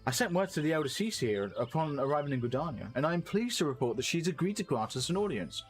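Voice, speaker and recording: A man's voice: fairly high pitch, big pitch swings, fast, soft background music. A man voicing an earnest young male scholar, speaking in formal, archaic phrasing.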